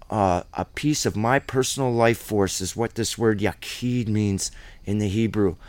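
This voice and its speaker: A man's voice: mid-range voice, no echo. A man teaching scripture in a conversational Bible study, reading verses aloud and explaining them plainly.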